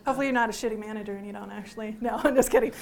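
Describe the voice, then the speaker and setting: A woman teaching a workshop to a live audience, lively and joking, often putting questions to the room. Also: a little high, rapid-fire, vocal fry. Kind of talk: interactive workshop talk.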